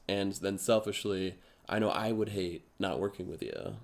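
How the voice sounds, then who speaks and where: A man with a somewhat low voice chats in a relaxed interview. He is jokey and thinks out loud as he goes. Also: brisk, hardly any pauses. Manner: chatty, jokey, thinks aloud. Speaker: comedy performer being interviewed. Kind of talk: casual interview chat.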